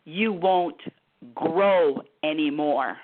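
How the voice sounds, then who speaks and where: Brief: the universe itself, calm and firm, slow lowered lines, played by a woman host, tinny phone line. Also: heavily acted.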